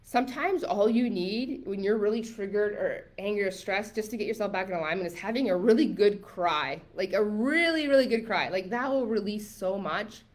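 Casting: woman, live masterclass coach, chatty and emphatic, mid pitch. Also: normal speed, few pauses. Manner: chatty and emphatic, many likes and rights; reads viewer comments aloud.

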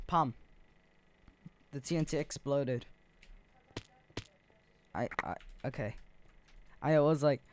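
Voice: mid-range voice, slow pace, pauses often, darkish tone, slight background noise. A gaming video creator giving gameplay commentary, rambling and thinking aloud with lots of fillers.

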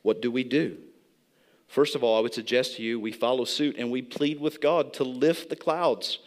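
A man's voice: medium pitch, steady tone, normal speed. A man preaching a sermon as pastor in a church, earnest and repeating key phrases for emphasis. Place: church sanctuary.

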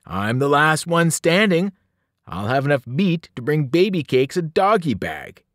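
A man voicing a boastful brutish male giant, slow and gloating. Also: mid-range voice, huge pitch swings, slightly rough, no room sound, studio quality, heavily acted.

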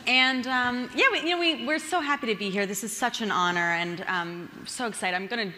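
A woman in her twenties, a co-author speaking on stage, bubbly and quick to laugh. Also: on the high side, sharp tone. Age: 20s. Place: large festival hall. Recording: echoey hall with crowd noise.

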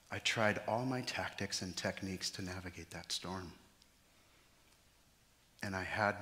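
A man preaching a sermon as pastor, lively, acting out the panicked disciples in quick voices. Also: deep voice. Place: church sanctuary. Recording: church hall with long reverb.

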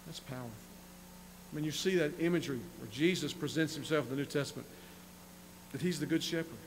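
A man's voice: a little high, fast talker, a little hiss or hum, low-quality recording. A male pastor preaching a sermon, reading scripture passages and then explaining them in plain asides, often repeating words and restarting phrases. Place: church sanctuary.

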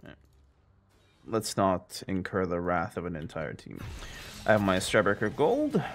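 A man's voice: low-pitched, big pitch swings, a little slow, slight background noise. A young man giving live commentary on his own gameplay, playful and jokey, talking to his chat. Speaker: gamer streaming his gameplay.

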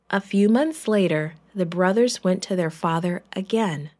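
Slow, expressive woman storyteller. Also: fairly low pitch. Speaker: children's storyteller. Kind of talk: reading a Bible story to children. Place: church.

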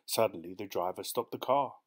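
A man reading a short story aloud as the narrator, in a measured, steady way. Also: fairly low pitch.

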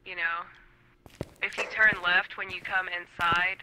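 A woman playing along as a guest co-player, chatty, excitable and quick to poke fun at herself. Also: fairly low pitch, slight background noise, rough recording. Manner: chatty, excitable, self-mocking. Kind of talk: casual gaming chat.

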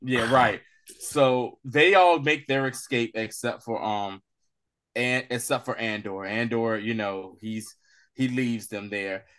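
A man co-hosting a casual recap podcast, animated and laughing as he acts out scenes in quick voices. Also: mid-range voice. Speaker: podcast co-host.

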